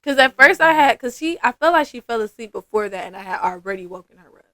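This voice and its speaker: A woman's voice: on the high side, animated, fast, a bit bright, no room sound. A woman, a massage therapist guest chatting casually on a podcast and acting out her clients' lines.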